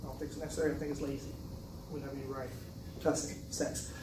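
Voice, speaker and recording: A man's voice: mid-range voice, flat delivery, fast, a little mellow. Man telling a story, distant. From South Carolina. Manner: casual, conversational, joking asides. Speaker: author giving a talk. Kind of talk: personal storytelling speech. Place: event venue, indoors. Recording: roomy, distant mic, noisy.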